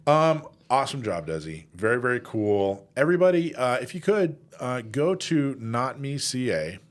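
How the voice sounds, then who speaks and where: A man's voice: mid-range voice, very animated, moderate pace. A man hosting a casual podcast, joking around and rambling with fillers like "uh" and "you know". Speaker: podcast host.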